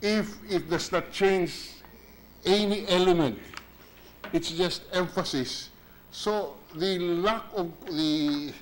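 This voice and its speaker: A man, a senate minority leader, questioning a bill deliberately in a legislative chamber and restarting his phrases. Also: fairly high pitch, a little hiss or hum, low-quality recording.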